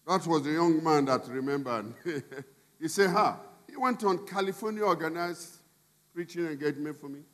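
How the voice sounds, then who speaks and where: A man preaching a sermon as a bishop, emphatic and shifting from quiet asides to shouted appeals. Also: fairly high pitch, normal speed. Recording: long reverb in a large hall.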